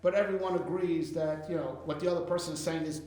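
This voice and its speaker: Male rabbi lecturer, high voice, animated, roomy echo. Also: fast talker. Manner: animated, explains with rhetorical questions and fillers. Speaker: rabbi teaching a class. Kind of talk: Torah class lecture.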